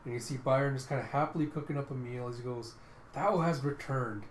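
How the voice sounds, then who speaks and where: A man's voice: mid-range voice, level tone, racing, slight background noise. A man reading a comic book aloud in a casual, chatty way. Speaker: manga reader. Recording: echoey room.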